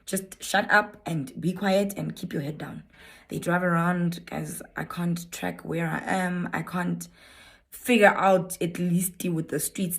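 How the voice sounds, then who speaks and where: A South African woman recounts her own story straight to her viewers, candid and a bit rambling, now and then slipping into Setswana phrases. Her voice sits fairly low with a noticeable gravelly fry running through it. It feels like an unscripted storytime vlog.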